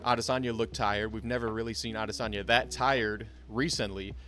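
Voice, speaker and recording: A man's voice: lowish voice, steady tone, fairly quick, bright, forceful tone, faint music behind. A young man giving a casual, blunt and profane breakdown of fight results, full of strong opinions. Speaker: MMA commentator.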